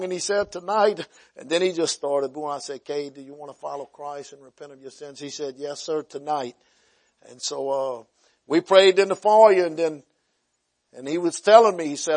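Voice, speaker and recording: A man preaching, telling revival stories in a folksy way, rising loud then dropping to a hush. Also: on the high side, normal speed. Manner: folksy, swings from loud preaching to hushed quiet. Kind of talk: sermon testimony storytelling.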